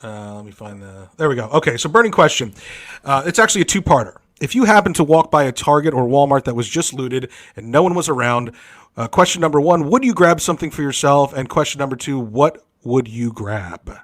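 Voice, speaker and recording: A man's voice: medium pitch, expressive, brisk, a bit bright. A man hosting a casual comedy podcast, crude and joking in a mock-serious way. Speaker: podcast host.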